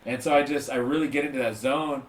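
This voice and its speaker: Male podcast host, quick, chatty delivery, echoey room sound. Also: mid-range voice. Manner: fast, relaxed and chatty with many fillers. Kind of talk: casual podcast chat.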